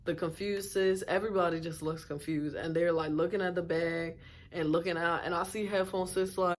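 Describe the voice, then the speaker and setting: A woman vlogger tells a storytime tale in a somewhat low voice. She sounds animated and amused as she recounts it. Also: moderate pace. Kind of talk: storytime narration.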